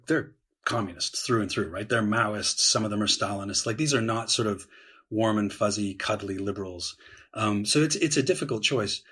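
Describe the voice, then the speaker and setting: A man speaking as a guest historian on a podcast, explaining at length in a measured way with frequent "um"s and "right?"s. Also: on the low side, a bit bright, slightly rough.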